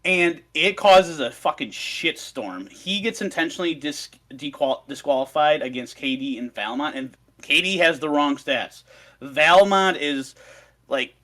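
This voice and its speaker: A man's voice: on the high side, unhurried, bright, forceful tone. A man on a podcast, recounting a story in a swearing, ranting casual chat. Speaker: podcast co-host presenting research.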